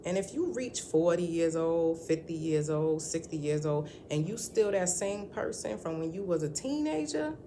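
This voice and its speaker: A woman's voice: lowish voice, lively intonation, normal speed, few pauses, dark tone, slight background noise. A woman at home talking to her channel in a casual vlog, rambling and candid with lots of ums and restarts. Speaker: vlogger. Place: at home indoors.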